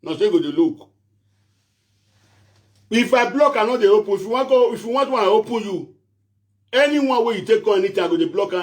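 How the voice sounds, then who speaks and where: A man's voice: high voice, lively intonation, brisk, long pauses. A man speaking Nigerian Pidgin-accented English, ranting to his online followers as a self-styled prophet, repetitive and pleading. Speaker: social media prophet and show host. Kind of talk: animated rant to camera.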